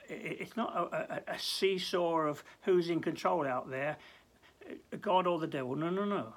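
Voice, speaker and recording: Minister, devotional talk, gravelly voice, earnest, repeats words when restarting. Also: mid-range voice, a bit bright. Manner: earnest, with many stammered restarts; acts out prayers with rising intensity. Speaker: church minister.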